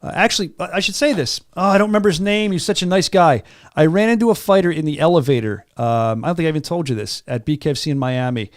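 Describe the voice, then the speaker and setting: Fast-talking excited male host, dry studio. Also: a little high, no echo. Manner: enthusiastic, storytelling, repeats words. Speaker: podcast host. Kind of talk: casual studio chat.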